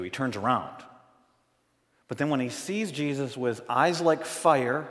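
Recorded in a church sanctuary with a big-room sound, a medium-pitched male pastor preaches in a conversational style, alternating forceful emphasis with quiet moments.

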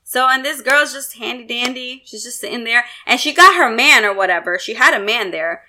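A young woman telling a story in casual chat, animated and swearing freely. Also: a little high, a little fast. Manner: swearing, animated retelling with acted quotes.

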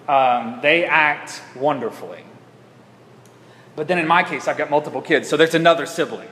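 A man's voice: a little high, normal speed, a bit bright, a little hiss or hum. A man preaching a sermon in a church, talking conversationally with frequent restarts. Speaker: pastor. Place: church sanctuary. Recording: echoey church hall.

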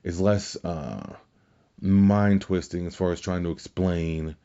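A man with a deep, dark voice hosts a solo podcast, rambling casually through his thoughts. He restarts his sentences often and leans on filler words. The recording sounds dull and lo-fi. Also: steady tone, slow pace. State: tired, fighting yawns. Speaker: podcast host.

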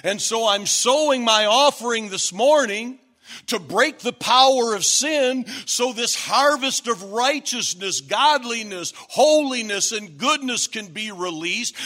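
High, bright-voiced man preaching slowly. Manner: emphatic, rising to shouts at key points; repetitive, stacked phrases. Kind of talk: sermon.

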